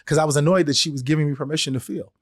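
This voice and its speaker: Talking rapid-fire in a fairly high voice, a podcast host works through his thoughts alone, voicing quoted back-and-forths with shifting characters. The studio-quality recording has no echo.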